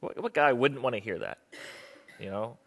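A young man preaches about marriage to a live audience in a conversational, self-deprecating way. He acts out the people he quotes as he goes. His voice is bright and sits at a middling pitch. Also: expressive, normal speed, creaky. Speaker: pastor.

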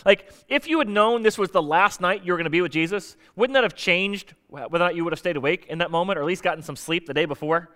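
A man preaching a conversational sermon as pastor, casual and animated, acting out bits of dialogue. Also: sits high, quick pace, hardly any pauses, clear, resonant tone.

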